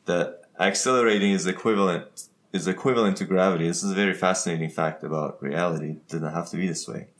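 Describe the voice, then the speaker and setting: A man's voice: low voice, fast talker. A man co-hosting a podcast, explaining things casually and with enthusiasm. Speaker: podcast co-host.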